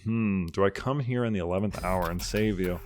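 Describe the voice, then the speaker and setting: A man hosting a strategy game playthrough, chatting casually and bursting into loud mock outrage and cheering. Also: deep voice, moderate pace, a little hiss or hum. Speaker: gaming video host. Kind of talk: casual let's-play commentary.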